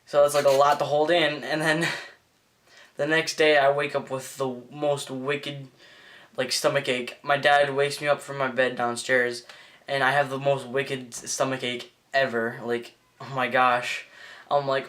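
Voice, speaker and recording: Excitable teen boy rambling a story. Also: medium pitch, measured pace. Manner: rambling, excitable, lots of "like" and restarts. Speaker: vlogger. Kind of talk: casual storytelling vlog.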